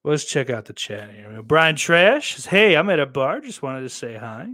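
A young man hosting a live stream, talking loosely and profanely, swinging between loud ranting and quiet mumbling. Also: on the high side, very animated, moderate pace. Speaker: streamer host. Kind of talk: casual live-stream commentary.

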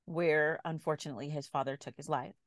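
This female podcast co-host spins a story in relaxed, conversational fashion, laughing easily along the way. She speaks fairly quickly in a low, steady voice, and there's no echo.

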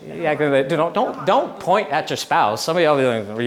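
A young man giving a relaxed, chatty sermon, telling stories with laughs and restarts. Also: on the high side, brisk. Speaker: pastor. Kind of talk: casual sermon with storytelling.

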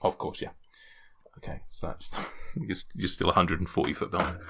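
Low-voiced bright male game master. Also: moderate pace, vocal fry, husky, whispered. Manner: relaxed, chatty, many ums and restarts. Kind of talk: narrating a tabletop game.

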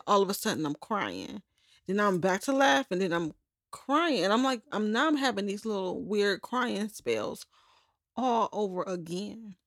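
A woman's voice: mid-range voice, dry recording, clean studio sound. A young adult woman hosting a personal podcast, talking candidly in a rambling, self-correcting way. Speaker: podcast host. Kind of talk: personal journal-style podcast monologue.

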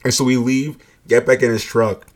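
With a mid-range voice that barely moves in pitch, this man speaks at a normal speed. He's relaxed and profane while recounting something that happened to him, peppering it with "like" and frequent laughs.

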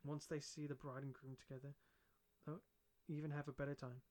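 A man's voice: fairly high pitch, little pitch movement, fairly quick, darkish tone, lightly acted. A man reading as a shy, wry young woman. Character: shy but witty young woman student.

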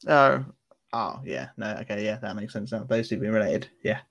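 A man's voice: fairly low pitch, expressive, normal speed, gravelly, fairly bright tone. Rambling man chatting casually. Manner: rambling, enthusiastic, slangy. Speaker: podcast co-host. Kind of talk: casual chat.

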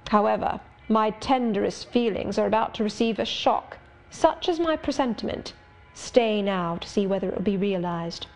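Woman reading as Mister Rochester, wry and measured. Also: medium pitch, natural voice. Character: brooding, sardonic gentleman of middle age. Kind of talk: audiobook reading.

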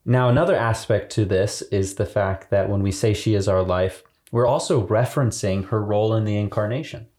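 A man co-hosting a religious podcast as a priest, explaining theology in a slow, thoughtful way and laughing easily. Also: lowish voice, a little mellow.

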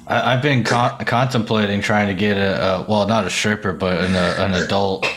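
A man with a fairly low voice joins in as co-host. He stammers and repeats words as he chats. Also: steady tone, moderate pace, fairly bright tone, a little hiss or hum. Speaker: podcast co-host. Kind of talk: casual chat.

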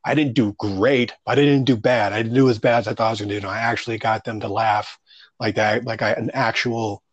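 Laid-back, profane male comic, low voice. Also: fairly even intonation, fast talker, breathy edge, dry recording, dull audio. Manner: loose, rambling, profane, heavy on fillers. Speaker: stand-up comedian. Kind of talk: casual storytelling interview.

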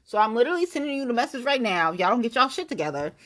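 A woman hosting her own podcast, ranting bluntly and profanely, swinging between loud outbursts and low muttering. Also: sing-song, racing. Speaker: podcast host. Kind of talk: unscripted solo podcast rant.

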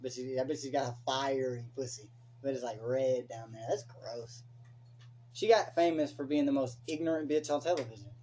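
A young man hosting a casual late-night podcast, ranting profanely with animated opinions. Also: medium pitch, normal speed, a little hiss or hum. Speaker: podcast host.

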